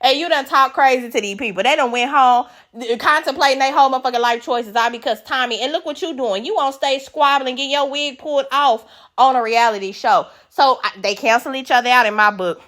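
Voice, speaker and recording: A woman with a high voice gives a brisk, casual recap of a reality show, blunt and animated. She swears freely and acts out the cast's lines in a raised voice.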